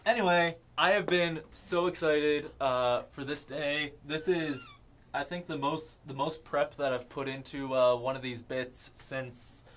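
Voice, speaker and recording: A man's voice: on the high side, fairly even intonation, unhurried, fairly bright tone, slight background noise. A man co-hosting a casual group chat in a studio, eagerly reading silly poems aloud. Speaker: podcast co-host.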